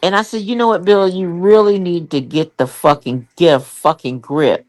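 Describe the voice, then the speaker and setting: A woman's voice: fairly low pitch, normal speed, hardly any pauses. An older woman, a comedian guest, telling candid, profane stories in an interview and acting out the people in them. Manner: profane, animated storytelling with voiced quotes.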